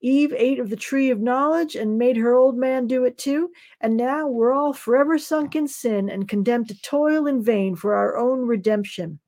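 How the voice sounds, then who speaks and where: A woman novelist reading her own fiction aloud at an unhurried, measured pace. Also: fairly high pitch, warm tone.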